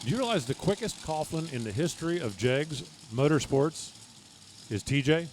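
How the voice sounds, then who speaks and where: A man's voice: fairly high pitch, lively intonation, moderate pace, noisy background. A man giving live drag racing commentary, reading times and speeds with folksy, joking asides.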